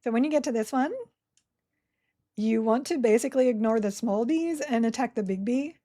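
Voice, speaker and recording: A woman's voice: fairly high pitch, normal speed, mellow. A woman streaming a game live, chatting casually with her viewers and her game characters and giggling often. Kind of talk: casual live gameplay commentary.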